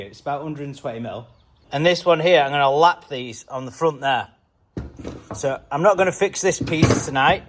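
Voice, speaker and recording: Chatty man on a work site. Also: on the high side. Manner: chatty, self-mocking, easily excited. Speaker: vlogger. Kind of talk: casual running commentary on a work site.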